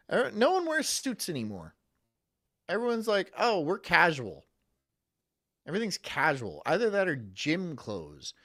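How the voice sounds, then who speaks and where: A man's voice: on the high side, a bit bright. A man streaming live, chatting casually with his viewers in a rambling, profane, self-mocking way.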